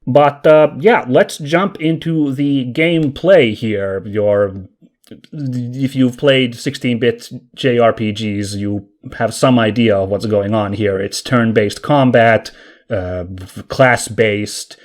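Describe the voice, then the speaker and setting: A man's voice: medium pitch, takes it slowly. A man co-hosting a casual podcast, chatting enthusiastically and thinking aloud as he talks. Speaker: podcast co-host. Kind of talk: casual podcast chat about video games.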